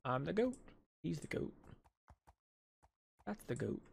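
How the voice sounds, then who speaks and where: His voice sits a little high, gravelly with a breathy edge, swinging widely in pitch as he takes things slowly. The gaming channel host offers laid-back let's play commentary, addressing himself and the on-screen animals, his jaw aching from dental work.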